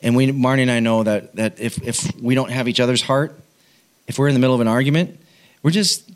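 A middle-aged man preaching with a personal story from his own home. He is animated and self-mocking, breaks into laughter and restarts his sentences, and his voice sits at an ordinary middle pitch. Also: fairly quick.

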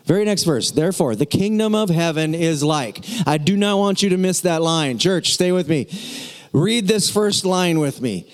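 A pastor with a fairly high voice and lively intonation preaches to his church at a normal speed, keeping it casual and joking with playful asides to the congregation. The sanctuary adds a long hall reverb.

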